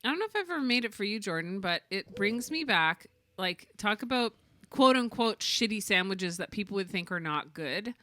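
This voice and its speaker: A woman co-hosting a casual podcast, chatting in an animated, playful way. Her voice is bright and crisp. It is recorded close and dry, with no room sound. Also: mid-range voice, normal speed, no echo. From Canada. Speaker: podcast co-host. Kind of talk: casual chat.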